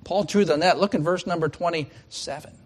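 A man preaching a sermon, swinging from loud emphatic declarations to hushed, almost whispered appeals, repeating his questions for effect. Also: a little high, brisk. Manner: repetitive pleading questions.

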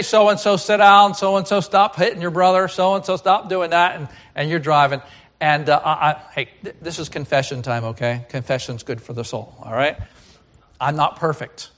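A middle-aged man, a pastor, preaching a sermon, swinging between loud emphatic lines and hushed, quiet asides. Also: mid-range voice.

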